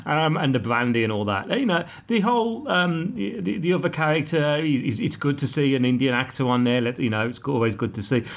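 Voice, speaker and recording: A man's voice: a little high, lively intonation, fairly quick, few pauses. A man hosting a podcast episode review, chatting casually with lots of restarts, asides and jokes. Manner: rambling, full of restarts and asides, jokey. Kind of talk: casual chat.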